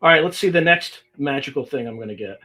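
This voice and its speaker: A man's voice: mid-range voice, animated, fast, pushed and bright. A man hosting a livestream podcast, talking casually and reading emails aloud with exasperated, sarcastic asides. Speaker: podcast host.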